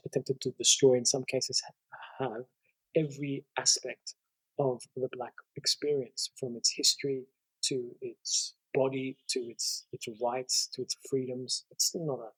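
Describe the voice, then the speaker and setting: A man, a guest lecturer, explaining ideas in a measured conversational way and stacking up long lists of points. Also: mid-range voice, slightly rough, dry recording, poor audio.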